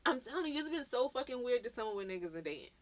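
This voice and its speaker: Rapid-fire and a little high, her voice belongs to a Brooklyn podcast co-host telling a story in casual chat. She's animated throughout, acting out the quoted dialogue and swearing freely.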